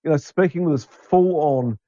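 A man's voice: fairly high pitch, moderate pace, mellow, lo-fi sound. A New man in casual, opinionated chat, rambling with many fillers and restarts.

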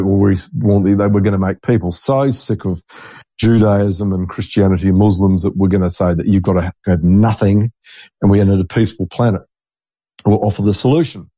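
A man's voice: fairly low pitch, warm tone, dry recording. A middle-aged man, a podcast host talking in a rambling, blunt, digressive monologue. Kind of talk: casual monologue.

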